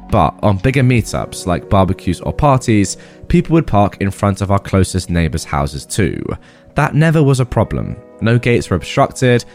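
Casting note: expressive male narrator, lively pitch, faint music underneath. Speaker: storyteller. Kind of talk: reading a story, then casual commentary.

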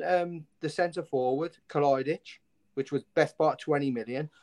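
A man's voice: fairly high pitch, a little mellow. A man speaking as a passionate football fan, angry and emphatic, often repeating himself for force. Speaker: fan guest. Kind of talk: impassioned fan chat.

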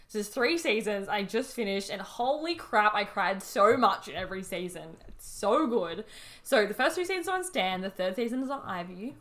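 A woman's voice: a little high, a bit bright. Chatty Australian woman podcast co-host. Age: 20s. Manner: chatty, laughs often, swears casually. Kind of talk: casual chat.

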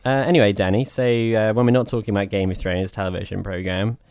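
A man co-hosting a film podcast, with dry, deadpan humor. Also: fairly low pitch, fast talker, no echo. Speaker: podcast co-host. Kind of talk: casual chat and scripted intro.

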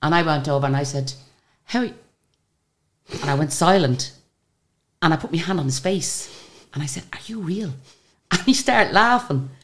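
A woman's voice: deep voice, fairly quick. An older woman, a singer, telling chatty stories in a radio interview and acting out the dialogue. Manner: chatty, animated retelling of stories with quoted dialogue. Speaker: guest singer. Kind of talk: radio interview, anecdotal storytelling.

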